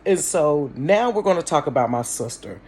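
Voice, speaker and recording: A man's voice: on the high side, moderate pace, a little hiss or hum. Chatty man telling family stories. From Cincinnati, Ohio. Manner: chatty and animated, addresses viewers directly, laughs easily. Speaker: storytime channel host. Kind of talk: casual storytelling vlog. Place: bedroom at home.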